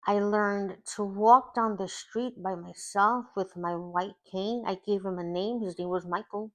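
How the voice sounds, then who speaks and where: A woman life coach telling a personal faith testimony in slow, emotional storytelling with long pauses. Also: medium pitch, steady tone.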